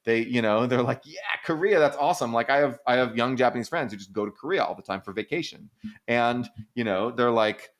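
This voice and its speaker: A man's voice: mid-range voice, a little fast. A man co-hosting a podcast, chatting casually and rambling through stories full of "like," casual swearing and laughs. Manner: rambling, animated storytelling with frequent "like" and casual swearing; acts out quoted people in exaggerated voices, laughs often. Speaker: podcast co-host answering listener questions.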